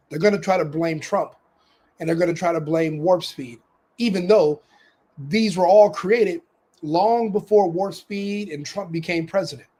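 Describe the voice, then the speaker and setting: High-voiced man ranting hard. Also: darkish tone, slightly rough. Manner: ranting, repetitive demands, swearing. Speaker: podcast host. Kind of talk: heated political commentary.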